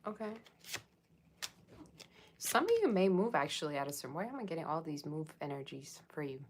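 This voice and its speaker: A woman's voice: low voice, big pitch swings, moderate pace, a little hiss or hum. A woman giving a casual tarot reading, chatting and rambling straight to her viewers. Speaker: tarot reader.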